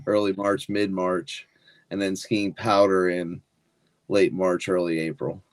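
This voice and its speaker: A man talking as a podcast guest in a relaxed, halting way. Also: sits low, dry recording. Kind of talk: casual chat.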